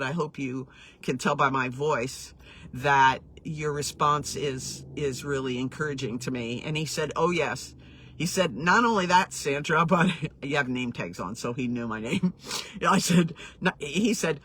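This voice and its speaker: Woman storyteller, earnest, reflective, bright slightly breathy tone, laughs between phrases, close dry sound. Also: deep voice, dry recording. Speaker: healing coach sharing her story. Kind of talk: personal storytelling, casual and reflective.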